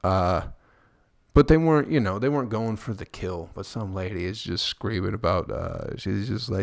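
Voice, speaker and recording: A man's voice: sing-song, normal speed, gravelly, dry recording. A man hosting a solo podcast, rambling crudely and joking with lots of swearing, speaking close to the mic. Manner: mimics people in high squeaky voices. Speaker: podcast host. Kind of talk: casual solo podcast monologue.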